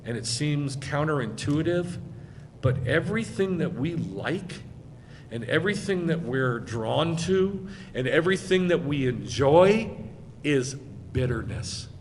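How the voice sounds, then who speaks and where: A male rabbi giving a sermon in an American accent, conversational and emphatic, swinging between loud and quiet. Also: a little high, animated, unhurried, in a large hall, slight background noise. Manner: emphatic, conversational preaching with wide swings in loudness. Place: congregation hall.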